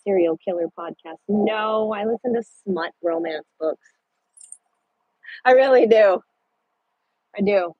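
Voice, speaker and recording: A woman's voice: mid-range voice, unhurried, pauses often, dry recording. A woman truck driver chatting casually with viewers on a live stream from her parked truck at a rest area, swearing now and then. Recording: dull lo-fi sound.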